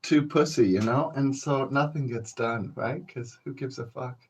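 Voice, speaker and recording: Medium in pitch and husky, a little mellow, the male podcast host speaks at a normal rate. His solo episode is loose, rambling storytelling full of profanity, delivered easygoingly with chuckles and frequent nods to his folks.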